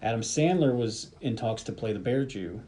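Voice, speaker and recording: A man hosting a casual film podcast, telling behind-the-scenes stories in a relaxed, rambling way. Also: medium pitch, moderate pace, a little hiss or hum. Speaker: podcast host. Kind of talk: casual chat about a film.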